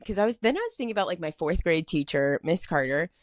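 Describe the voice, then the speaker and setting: A woman's voice: lowish voice, big pitch swings, fast talker, dry recording, studio quality. Chatty young woman podcaster, rambling. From Atlanta, US. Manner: chatty, rambling, heavy filler "like". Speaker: podcast host. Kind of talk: casual solo storytelling.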